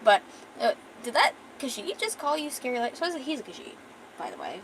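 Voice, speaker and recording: A woman's voice: on the high side, wildly swooping pitch, a little fast, noisy background. A young woman streamer chatting casually and rambling with swearing while she draws. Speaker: art streamer. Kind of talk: casual chat.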